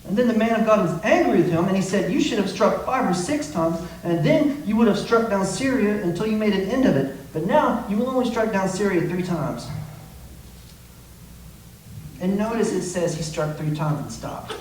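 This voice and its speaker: A man's voice: high voice, expressive, brisk, few pauses, a little mellow. A man preaching a sermon as pastor, with impassioned delivery and acted-out quotes, recorded from a distance in a church. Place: church sanctuary. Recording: echoey room, mic from a distance, faint noise.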